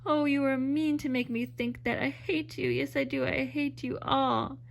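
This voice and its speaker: A woman reading aloud voices a naive teenage schoolgirl who speaks bitterly and rises high when upset. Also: takes it slowly. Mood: hysterical.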